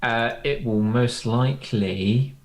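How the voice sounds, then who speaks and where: A man playing a tabletop game, speaking in a halting way with many fillers. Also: mid-range voice. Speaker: player.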